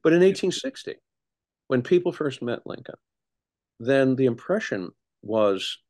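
Animated male historian telling stories. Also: mid-range voice, measured pace. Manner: animated storyteller, frequent restarts. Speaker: historian, interview guest. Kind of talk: conversational interview.

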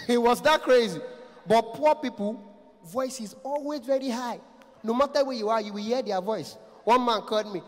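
A man in his thirties with a Nigerian accent doing loud, teasing stand-up crowd work on a big concert stage. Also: very high voice, moderate pace. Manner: loud, animated, teasing, laughs often. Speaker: stand-up comedian. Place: large concert hall stage. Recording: echoey hall, live stage.

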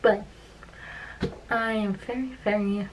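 A woman talking in a casual vlog, upset and close to tears, halting and repeating herself and often dropping into soft whispers. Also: medium pitch, fairly even intonation, a little hiss or hum, poor audio. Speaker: vlogger.

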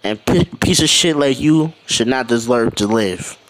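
A man voicing an overpowered young male pirate captain who speaks coldly and bluntly, with slow commands. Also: medium pitch, expressive, no echo, lightly acted, rough recording.

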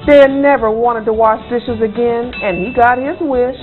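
A woman author reading her own children's book aloud as a bedtime story, with an expressive, rhythmic delivery. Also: fairly high pitch, a little slow. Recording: tinny phone-like sound, faint music.

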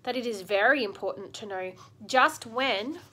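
A shrewd, motherly female beaver from a storybook, as a woman reads her aloud. She is practical and full of warnings, with a bright, fairly high voice. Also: lively intonation, normal speed, a little hiss or hum. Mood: urgent.

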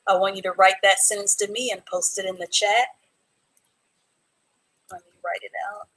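A woman teaching a live online reading class, reading students' sentences from the chat and praising them slowly and clearly. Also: mid-range voice, steady tone, fairly bright tone, poor audio. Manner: encouraging, slow and clear, praising students by name.

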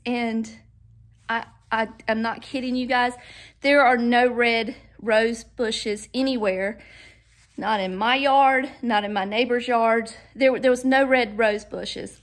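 A woman chatting casually in a home vlog, sentimental and rambling, often trailing off and starting over. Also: on the high side. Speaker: home vlogger. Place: at home, indoors and out in the yard.

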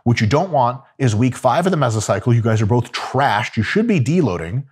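A man's voice: mid-range voice, sing-song, fairly quick, slightly rough. A man giving casual, profane, joking coaching talk about gym training. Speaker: fitness coach.

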